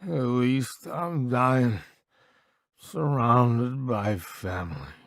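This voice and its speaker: A man voicing a dying young soldier who begs in a weak, slow, pleading voice. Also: mid-range voice, lively intonation, gravelly, husky, no echo, studio quality, voice pushed up, exaggerated voice. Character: dying young male soldier, begging and fading.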